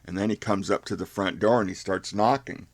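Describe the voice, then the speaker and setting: An older man telling a youth story in a folksy, unhurried fireside manner. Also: low voice, dry recording.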